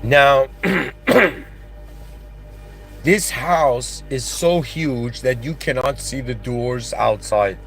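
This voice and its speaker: A man's voice: mid-range voice, very slow, gravelly, pauses often, a bit bright, soft background music. A man giving a philosophical monologue, earnest and growing emotional as he talks. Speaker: channel host.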